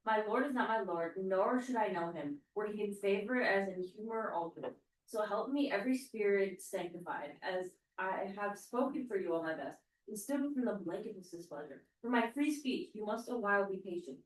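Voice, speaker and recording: Woman student as an anxious young noblewoman, halting class reading, distant roomy sound. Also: mid-range voice, slight background noise, lightly acted. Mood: pleading. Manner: halting, stumbles over old verse. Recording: roomy classroom, mic far off.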